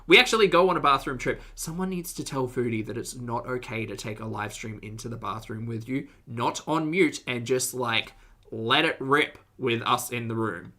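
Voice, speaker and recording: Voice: medium pitch, normal speed, bright, forceful tone. A reaction channel host giving wry, sarcastic commentary over video clips, with exasperated outbursts.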